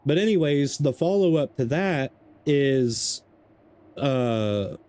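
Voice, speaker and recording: A man's voice: mid-range voice, animated, slow pace, warm tone. A man streaming a game live, chatting casually and rambling through stories as he plays, laughing often. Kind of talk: casual gameplay commentary.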